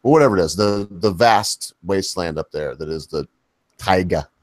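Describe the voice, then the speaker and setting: A lower-voiced man rambles through a casual panel chat as its host, folksy and loose, often stopping to correct himself. The sound is dry and close, with no room echo. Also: a little fast.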